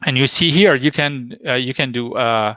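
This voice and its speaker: Male conference presenter, French accent, muffled slightly dull line, halting delivery full of "uh". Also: mid-range voice, pushed and bright, dry recording. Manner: hesitant, many fillers and restarts. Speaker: conference speaker. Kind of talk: technical talk with live demo. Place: home.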